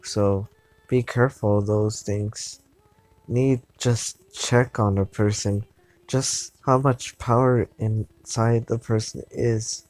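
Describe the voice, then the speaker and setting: Brief: curt, menacing young antihero, read by a man, mellow tone, slow delivery. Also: fairly low pitch, steady tone, dry recording, low-quality recording. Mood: cold. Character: cold, deadly young male antihero.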